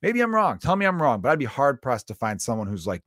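A young man from Chicago rambles through a casual solo monologue, swearing freely and swinging between loud bursts and mutters. His voice sits at an ordinary middle pitch. The recording is close and completely dry, with no room sound. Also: fast talker, no echo. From Chicago area. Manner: profane, rambling, animated swings in loudness. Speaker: comedian and podcast host.

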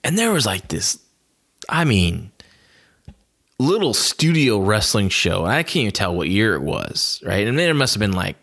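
A man with a fairly low voice chats casually on a wrestling podcast. He rambles through his memories with many fillers and gets animated as he tells them. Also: moderate pace. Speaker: podcast host.

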